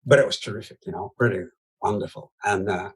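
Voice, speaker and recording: Husky-voiced man telling stories. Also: lowish voice, fairly even intonation, fast, rough recording. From United States (Iowa). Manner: chatty, laughs often, many "you know" asides. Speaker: puppeteer guest. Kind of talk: casual storytelling interview.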